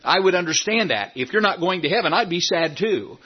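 A man preaching a sermon in a church, animated, repeating phrases and asking rhetorical questions. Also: high voice, fairly quick, slightly rough, lo-fi sound. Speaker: pastor. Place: church sanctuary.

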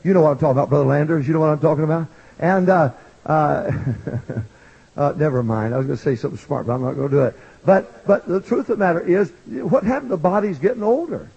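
Husky older man preaching in a big sanctuary, pitch running high and all over the place; muffled, dull recording. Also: big pitch swings, quick pace. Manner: swings from shouted pleading to quiet joking asides. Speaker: pastor. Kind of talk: evangelistic sermon. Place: large church sanctuary.

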